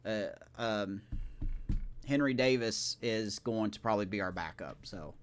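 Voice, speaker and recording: A man's voice: fairly low pitch, unhurried, a little hiss or hum. A man streaming a video game live, talking casually in a rambling, self-correcting way and chatting with his viewers.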